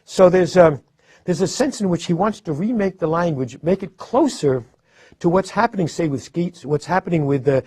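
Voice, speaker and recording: Explaining a poet's life and work, this male literary scholar speaks in a reflective lecture style, with hesitations, frequent restarts, and heavy stress on certain words. He has a high, animated voice at normal speed, a little mellow with a breathy edge, recorded dry.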